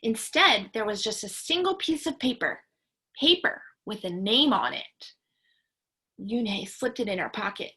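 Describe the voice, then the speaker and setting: A woman's voice: mid-range voice, expressive, unhurried, bright, forceful tone, breathy edge. A woman teacher reading a picture book aloud to students, stopping to ask the class questions.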